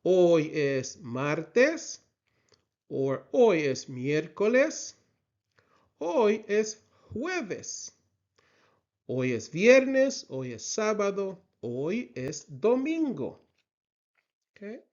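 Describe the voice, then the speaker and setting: Slow patient man drilling words. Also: sits high, big pitch swings, darkish tone. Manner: slow, patient drilling with frequent "right?" checks. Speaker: Spanish teacher. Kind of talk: slides lesson, repeat-after-me drills. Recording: slightly dull lo-fi sound.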